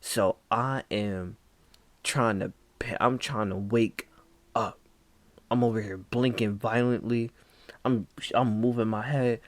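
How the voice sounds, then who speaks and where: Slow, low-voiced young man telling a spooky story. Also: steady tone, dry recording. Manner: slow, dramatic, acts out quoted lines with whispers and shouts; casual slang, calls the listener "bro".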